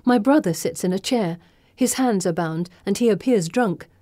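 Mellow-voiced woman narrating a novel. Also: medium pitch, expressive, moderate pace, no room sound, studio quality. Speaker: audiobook narrator. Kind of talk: scripted first-person narration.

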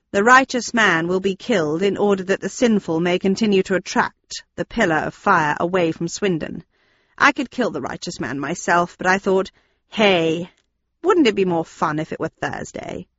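A woman's voice: on the low side, fairly bright tone, no echo, muffled recording. Woman doing a smug, sneering villain man. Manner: sneering, mocking and theatrical.

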